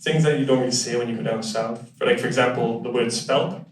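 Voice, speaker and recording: A young man doing a stand-up comedy set on a club stage, chatty and crude with deadpan punchlines and quick audience banter. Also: medium pitch, recorded from a distance, a little hiss or hum. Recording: roomy club sound with loud audience laughter. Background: audience laughing and cheering.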